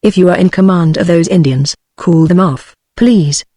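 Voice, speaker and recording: A woman's voice: lowish voice, moderate pace, warm tone, no room sound, studio quality, close to an everyday voice. Synthetic woman voice reading a cautious young adventurer. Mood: urgent. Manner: synthetic evenly read speech.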